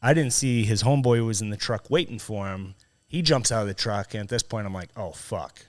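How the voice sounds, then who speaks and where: A man with a fairly low voice, chatting casually on a podcast and telling a story, heavy on profanity. He gets animated as he relives a run-in and shifts between quiet and loud stretches. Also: fairly quick. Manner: profane, animated when retelling a confrontation. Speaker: podcast host.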